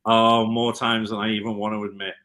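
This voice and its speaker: A man from Liverpool speaks in a somewhat low voice, his Scouse accent blended with an American lilt. He tells road stories in a relaxed, rambling way, full of ums and self-corrections. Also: brisk. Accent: Liverpool (Scouse), with some American mixed in. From Liverpool, England. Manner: rambling storyteller, many ums and restarts. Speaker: guitar tech. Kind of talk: casual interview chat.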